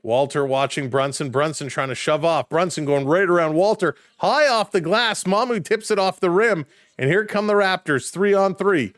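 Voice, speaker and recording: A man doing live play-by-play commentary for a stream, calling plays quickly and chatting with viewers in between. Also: a little high, no echo, studio quality. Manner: rapid play calls, rising excitement on big plays, chatting with viewers.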